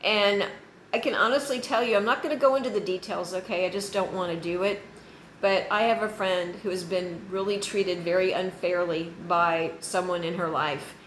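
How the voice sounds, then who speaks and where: Brief: woman vlogger, low-ish voice, earnest and encouraging, roomy echo, faint background hiss. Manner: earnest, encouraging, repeats phrases. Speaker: channel host. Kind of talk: casual faith vlog to viewers.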